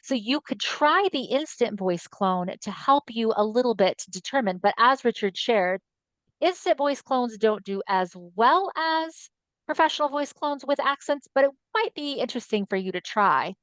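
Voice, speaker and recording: A woman's voice: fairly high pitch, lively intonation, normal speed, no room sound. Encouraging woman hosting a webinar. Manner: encouraging, reads out audience comments. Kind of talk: webinar moderation.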